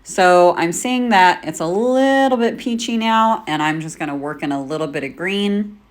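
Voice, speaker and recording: Low-voiced woman demonstrating makeup. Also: normal speed. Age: 40s. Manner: relaxed, talks while working, with "um" fillers. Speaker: makeup artist. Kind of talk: casual tutorial demonstration.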